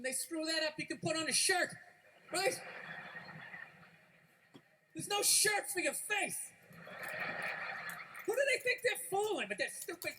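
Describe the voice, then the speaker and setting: High-voiced man ranting in stand-up. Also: bright, forceful tone, low-quality recording. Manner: profane, ranting, mocking. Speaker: stand-up comedian. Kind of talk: stand-up routine. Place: stage before a live audience. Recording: live recording with clear background noise.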